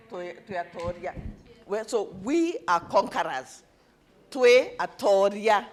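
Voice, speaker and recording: A woman, coaching a summit session in a conference room and getting the audience to repeat words after her. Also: medium pitch. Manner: animated, calls on the audience to repeat words, counts attendees. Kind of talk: lively live event hosting.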